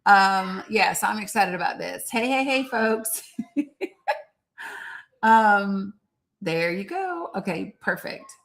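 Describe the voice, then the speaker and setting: Woman host for a live-stream chat; bubbly, chatty, greets her viewers warmly by name. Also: medium pitch, lively intonation, takes it slowly, pauses often.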